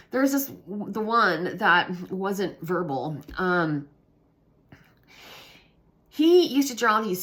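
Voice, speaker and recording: A woman casually telling a personal story, hesitant with many ums, sometimes dropping to a hushed whisper. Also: low voice. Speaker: vlogger recounting substitute teaching.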